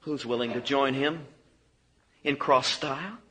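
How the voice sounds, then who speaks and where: A man preaching a sermon with passion, swinging from loud cries to hushed low lines. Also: a little slow, a little hiss or hum, low-quality recording.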